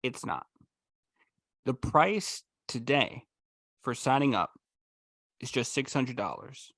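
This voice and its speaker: A man hosting a live video call, giving an energetic, emphatic sales pitch for a trading course. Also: takes it slowly, dry recording, clean studio sound. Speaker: host presenting a trading course.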